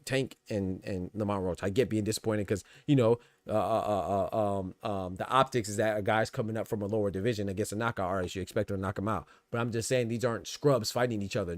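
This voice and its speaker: A man's voice: medium pitch, no echo. A man hosting a boxing podcast stream, talking casually with many fillers and restarts. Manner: conversational, repeats fillers like "you know what I'm saying", restarts words. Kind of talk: casual livestream commentary.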